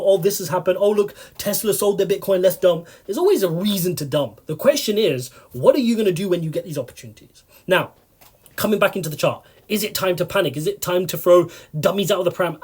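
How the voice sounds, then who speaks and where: A man's voice: high-pitched, a little mellow, slightly rough. A man hosting a crypto channel, giving market commentary straight to his viewers and firing off rhetorical questions.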